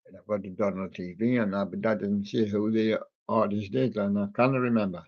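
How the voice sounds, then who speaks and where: A man hosting a livestream, chatting slowly and jokily as he reads out a list of old songs, with many ums and rambling asides. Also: on the low side, fairly even intonation, lo-fi sound. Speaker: livestream host reading out a music playlist. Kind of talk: casual running commentary between old songs.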